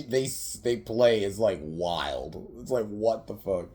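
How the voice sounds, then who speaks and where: A man with a very low voice talks through a film's scenes in a loose, unscripted podcast recap. He wanders, swears casually and keeps breaking into laughter at the jokes he retells. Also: expressive, unhurried, hardly any pauses, darkish tone. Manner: rambling, laughs often, swears freely, many fillers. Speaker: podcast movie reviewer.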